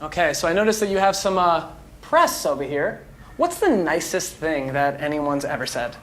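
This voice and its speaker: A woman interviewing from off camera, firing playful questions at a quick clip. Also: deep voice, lively intonation. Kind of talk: upbeat rapid-fire questioning.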